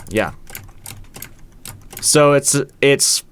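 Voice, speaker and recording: With a medium-pitched, clean voice, a man takes his time walking casually through a song's production. He is the band's producer and guitarist, and he counts the beats out loud.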